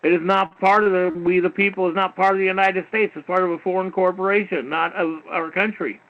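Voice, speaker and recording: Man, high-pitched, talk show host, heated lecturing, rambling, swears, muffled lo-fi radio sound. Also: fairly even intonation, brisk. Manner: repetitive, peppered with "you know", swearing. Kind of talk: rambling call-in radio monologue. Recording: dull lo-fi internet radio stream.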